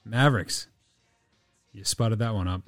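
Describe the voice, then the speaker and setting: A man with an Australian accent hosting a sports podcast, talking casually, profane and animated, often laughing. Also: lowish voice, normal speed, dry recording, clean studio sound, soft background music. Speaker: podcast host. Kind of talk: sweary casual sports talk.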